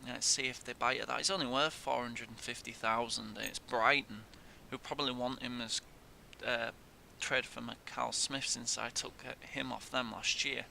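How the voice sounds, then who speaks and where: This gaming YouTuber is a young man who curses at the game in frustration while casually commenting on his play. He speaks at a normal speed with fairly even intonation and a creaky, sharp voice, over faint noise and a low rumble.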